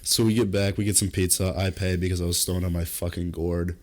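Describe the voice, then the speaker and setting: A young man casually telling a long comic story on a podcast, swearing freely and jumping into high, loud voices when he quotes himself. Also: a little fast. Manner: animated storyteller, jumps high into acted quotes. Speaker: podcast co-host.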